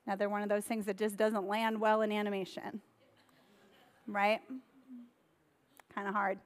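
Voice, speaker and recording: A woman pastor delivering a sermon in a conversational, storytelling way, with lively retellings of Bible stories. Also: mid-range voice, moderate pace, big-room sound.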